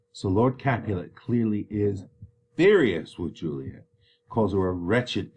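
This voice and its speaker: Male teacher walking students through a play, chatty, animated intonation. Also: lowish voice, measured pace, slight background noise. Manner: conversational, many ums, paraphrases in plain words.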